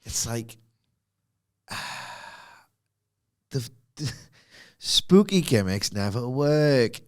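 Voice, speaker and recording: A man's voice: medium pitch, very slow. Ranting man. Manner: animated ranting, mock voices, laughing. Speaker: wrestling podcast co-host. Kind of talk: casual chat.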